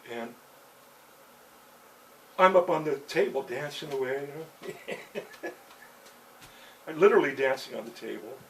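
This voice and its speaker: A man's voice: mid-range voice, lively intonation, a little slow, gravelly, pauses often, a bit bright, far from the mic, a little hiss or hum, low-quality recording. A man telling a rambling personal story in a loose, chatty way, dropping "you know" and chuckles between lines.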